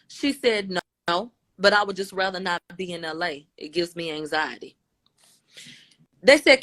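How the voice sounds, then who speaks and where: On a phone livestream, a woman commentator recaps court testimony casually, trading quotes from each side as she retells events. She speaks slowly and expressively in a fairly low, slightly bright voice, pausing often.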